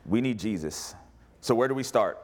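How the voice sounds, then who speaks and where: A man preaching as a pastor, animated, rising to loud cries and dropping to quiet asides. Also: fairly low pitch, normal speed. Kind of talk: sermon.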